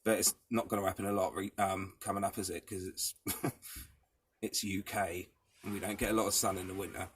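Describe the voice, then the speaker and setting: A man's voice: sits low, little pitch movement, a little fast, a bit bright, slight background noise. Rambling, sweary man. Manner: rambling, swears freely, laughs things off. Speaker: vlogger living in a van. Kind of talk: casual rambling chat to camera. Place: inside his parked van, door open, cold.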